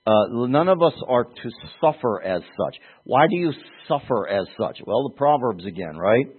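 A man's voice: medium pitch, animated, normal speed, husky. A man preaching a Bible-teaching sermon in a conversational, emphatic way, asking rhetorical questions. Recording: tinny phone-like sound.

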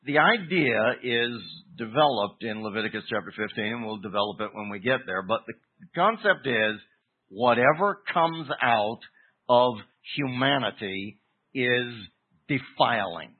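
A man preaching an expository sermon, teaching deliberately with emphatic pauses. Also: mid-range voice, animated, husky. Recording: tinny phone-like recording.

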